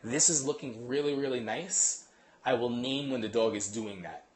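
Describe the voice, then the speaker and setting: A medium-pitched man who trains dogs talks casually to a live audience, moving quickly and animatedly and leaning heavily on analogies.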